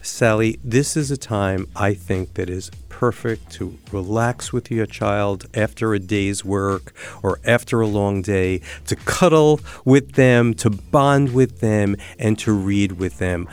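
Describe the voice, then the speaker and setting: A man giving calm advice as an education expert guest in a radio studio interview. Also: on the low side, slow, few pauses, clean tone, faint music behind. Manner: calm, advisory, affirming.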